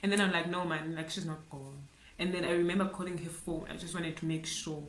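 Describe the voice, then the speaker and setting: A woman from South Africa telling a grieving story to camera, halting and tearful, often repeating herself and saying "like" and "guys". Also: lowish voice, steady tone, roomy sound, slight background noise, rough recording. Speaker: vlogger.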